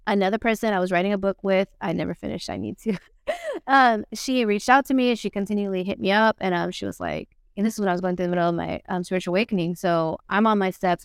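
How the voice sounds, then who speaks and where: A woman guest on a podcast, telling a personal story in a blunt, profane and animated way. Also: mid-range voice, smooth, dry recording, clean studio sound. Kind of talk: candid conversational storytelling.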